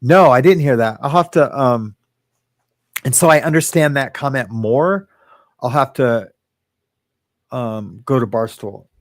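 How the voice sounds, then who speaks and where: A man's voice: mid-range voice, unhurried, pauses often, no room sound. A man hosting a casual livestream from his home, chatting loosely, reading viewer comments aloud and laughing often. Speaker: host. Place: home living room. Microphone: webcam or phone in his home.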